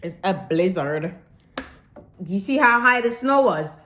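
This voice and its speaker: Give me a woman vlogging casually at home, animated, slipping into patois. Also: medium pitch, unhurried. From Jamaican roots. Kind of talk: casual vlog chat.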